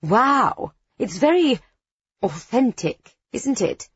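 A woman voicing an eager, pushy woman boss who gushes with excitement in a high, breathy voice. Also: takes it slowly, no echo, muffled recording, exaggerated voice. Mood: impressed.

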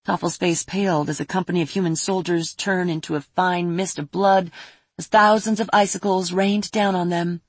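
A woman reading a fantasy story aloud in a steady narration. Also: low-pitched, normal speed, breathy edge, no echo. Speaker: audiobook narrator.

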